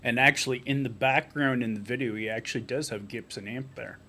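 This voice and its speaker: A man's voice: mid-range voice, fairly quick, sharp tone. A man co-hosting a live stream, chiming in casually with short remarks.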